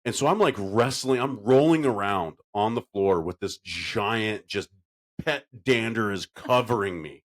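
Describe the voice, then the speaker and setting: Keeping a measured pace, a male podcast co-host tells stories animatedly in relaxed conversation, now and then switching into a goofy high-pitched voice.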